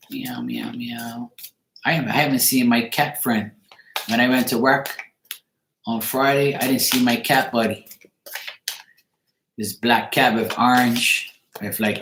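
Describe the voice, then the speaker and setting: A man's voice: medium pitch, background noise. Rambling male tarot reader in an echoey room. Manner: loose, rambling, with swearing and asides to viewers. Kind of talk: casual livestream reading.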